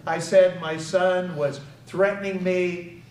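A man's voice: high-pitched, steady tone, slow, darkish tone, slight background noise. An older American man giving an earnest public speech, telling a personal story and acting out the voices of the people in it. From United States. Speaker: speaker. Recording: echoey hall from far off, faint ambience.

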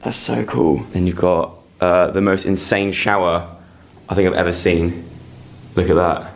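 A man's voice: low voice, steady tone, a little slow. A young man in his twenties vlogging a hotel suite tour on a handheld camera, chatty and joking, talking to the fish. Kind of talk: casual excited vlog tour.

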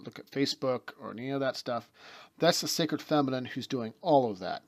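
Man lecturing on spiritual philosophy. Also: medium pitch. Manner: explains with everyday examples, talks in fits and starts with restarts. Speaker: teacher of a mystery school. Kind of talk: spoken lecture.

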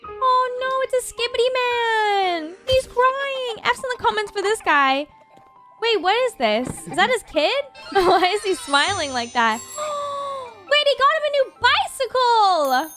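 A young woman hosting a reaction video, gasping and gushing with quick exclamations as she comments on animations. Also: extremely high pitch, lively intonation, over music.

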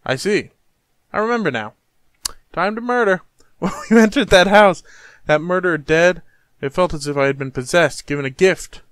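A man's voice: sits high, normal speed, long pauses, no echo, studio quality, lightly acted. A man reading out the lines of a young man in a horror game who turns out to be a killer. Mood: menacing.

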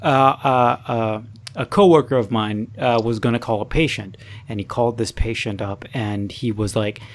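A man's voice: mid-range voice, moderate pace. A young man hosting a podcast in casual chat, joking and laid-back with many filler sounds. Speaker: podcast host. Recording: faint background noise.

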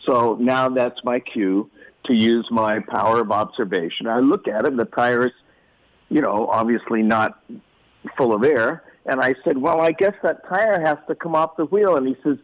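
A man telling childhood stories in a relaxed interview, acting out voices as he goes. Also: mid-range voice, measured pace, no echo, poor audio. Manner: animated, acts out quoted voices. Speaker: guest storyteller. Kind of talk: casual storytelling in an interview.

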